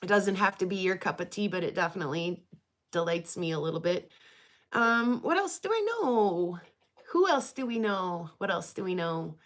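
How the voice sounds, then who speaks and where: A woman's voice: lowish voice, expressive, moderate pace, a bit bright. A woman hosting her rock hobby livestream, chatting casually in a rambling, giggly way with many fillers. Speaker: rock hobby channel host.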